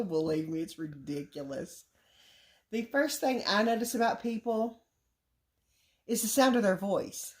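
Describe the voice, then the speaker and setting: Woman, middle-aged, chatty, laughs a lot, casual vlog talk. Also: lowish voice. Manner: chatty, laughs often, Southern country talk. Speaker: co-host of a family vlog. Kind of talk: casual chat.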